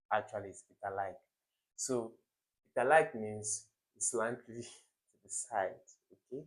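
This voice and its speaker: A man with a Nigerian English accent, talking through exam questions one by one as a tutor. He explains patiently, repeats the key words, and gives a small laugh at the wrong options. His voice sits at a middle pitch. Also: poor audio. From Africa.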